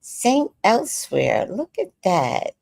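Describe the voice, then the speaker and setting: A woman's voice: mid-range voice, huge pitch swings, slow, gravelly, darkish tone, no room sound. A woman in her sixties hosting a casual livestream, reading viewer comments aloud and chatting about movies. She says she is tired. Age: 60s. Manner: chatty, reacts to viewer comments with laughter and sudden sung bits. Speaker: livestream host reading chat.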